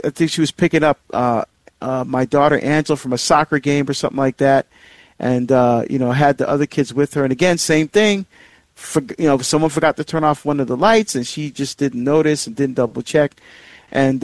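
A middle-aged man hosting a marriage series, telling a personal story in a rambling, conversational way, with many fillers and restarts and sharp jumps in pitch when he stresses a point. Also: no echo.

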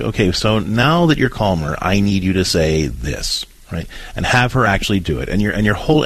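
Husky-voiced male radio advice host. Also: on the low side, no echo. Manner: conversational, repeats words when starting sentences.

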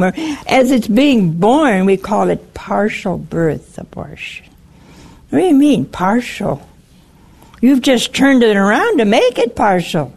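Slow, emphatic woman preaching a sermon. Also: sits high, darkish tone.

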